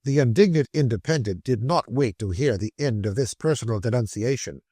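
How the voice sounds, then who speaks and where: A man narrating a classic novel audiobook in a measured, expressive storytelling voice on a close mic. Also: medium pitch, breathy edge, no room sound.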